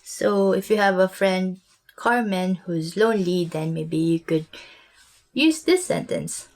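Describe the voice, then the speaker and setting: Slow, deliberate woman teacher. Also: fairly low pitch, a little mellow. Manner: slow and deliberate, repeats words for learners. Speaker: language teacher. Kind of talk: vocabulary lesson.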